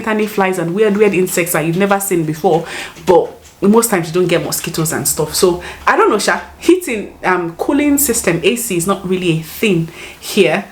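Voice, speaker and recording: A woman's voice: on the low side, a little hiss or hum. A young Nigerian woman with a Nigerian accent, chatting casually to camera and laughing often as she rephrases mid-sentence. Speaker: vlogger.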